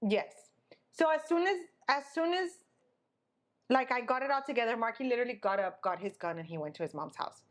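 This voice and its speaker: Expressive young woman telling a story. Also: fairly high pitch, fairly quick. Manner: expressive, dramatic storyteller who acts out the people she quotes. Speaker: podcast co-host. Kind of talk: casual storytelling chat.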